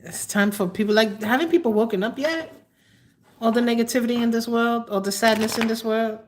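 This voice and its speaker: A woman in her fifties hosting a live tarot stream, talking slowly and haltingly with many fillers, sometimes emotional. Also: on the high side, fairly even intonation, slight background noise. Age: 50s. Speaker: tarot reader hosting a livestream. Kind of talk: live-stream chat answering viewers.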